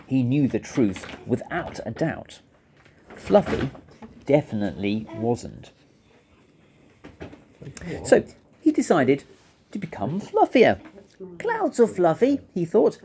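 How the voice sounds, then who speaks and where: A man reading a children's story aloud in an expressive, playful way, laughing along with it. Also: mid-range voice, takes it slowly, pauses often.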